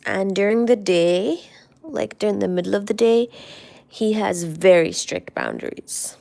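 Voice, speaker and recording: Woman streamer, unhurried fond rambling, gravelly fry, trails off to near-whispers. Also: medium pitch, very animated. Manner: soft, affectionate, rambling, often drops to a near-whisper. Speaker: livestream host. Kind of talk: casual live-stream chat about her cats.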